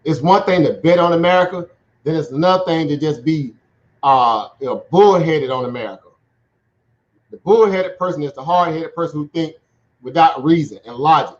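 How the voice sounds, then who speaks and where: A man's voice: fairly high pitch, moderate pace. Stream host, male, casual market commentary, chatty and laughing, muffled audio. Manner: chatty, laughs often, keeps asking "right?". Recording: dull lo-fi sound.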